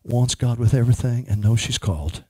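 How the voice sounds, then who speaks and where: A man's voice: mid-range voice, a little fast, mellow, breathy edge, dry recording. A man ministering as a prophet, speaking emphatically and praying over a woman in church. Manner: emphatic, prays over a person.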